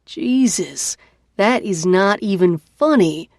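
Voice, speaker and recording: A woman's voice: mid-range voice, animated, slow, a little mellow, no room sound, clean studio sound. A woman voicing a teasing, easygoing young man, a best friend. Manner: teasing, laid back.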